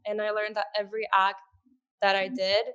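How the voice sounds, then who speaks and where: A woman speaking as a podcast guest in an earnest, conversational way, with soft laughs and fillers. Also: medium pitch, completely flat delivery, normal speed, clean tone. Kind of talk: conversational interview.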